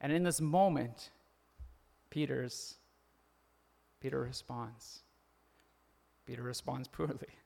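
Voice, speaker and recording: A man's voice: medium pitch, takes it slowly, creaky, pauses often, darkish tone. A man preaching a sermon in a conversational way, often laughing and acting out the quoted lines. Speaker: pastor.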